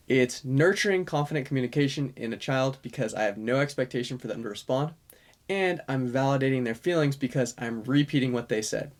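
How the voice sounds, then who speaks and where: A man, a speech-language pathologist, calmly explaining a strategy to parents in a course lesson, with fillers and self-corrections. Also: medium pitch.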